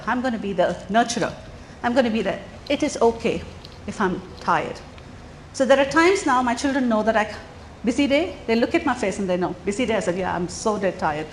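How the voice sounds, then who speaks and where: A middle-aged woman giving an earnest, animated talk to parents at a school coffee morning, often putting questions to the audience. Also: a little high. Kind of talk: lively talk to a room of parents. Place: school hall or meeting room. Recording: echoey room, faint background noise.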